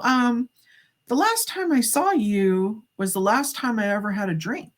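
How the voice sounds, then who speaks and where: A woman's voice: on the high side, measured pace. A middle-aged woman, a psychic medium, telling a story as a podcast guest, acting out the dialogue with many casual fillers. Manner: animated, acts out quoted dialogue, frequent "like" fillers.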